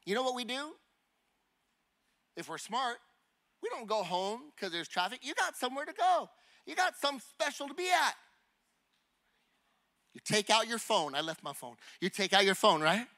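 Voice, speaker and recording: A male preacher with a very high, sharply bright voice delivers a lively sermon. He talks in a chatty, conversational way. He peppers his listeners with rhetorical questions and acts out small scenes with funny noises. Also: moderate pace, long pauses.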